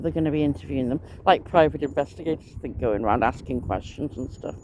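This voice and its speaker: A woman's voice: low voice, a little mellow. A woman chats on in a loose, rambling monologue. She sounds aggrieved and swears mildly as she goes. Faint noise hangs in the background. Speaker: vlogger.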